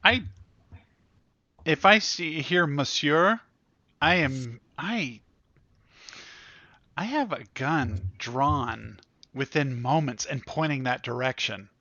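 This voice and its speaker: A man's voice: on the high side, slow pace, pauses often, bright, forceful tone, no echo. A man playing in a tabletop game, playfully declaring his character's actions. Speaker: player. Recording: slightly dull lo-fi audio.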